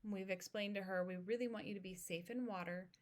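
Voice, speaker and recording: A woman in her thirties hosting an educational podcast, speaking in a calm, steady, instructive way. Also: medium pitch, a little fast. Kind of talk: informational podcast monologue.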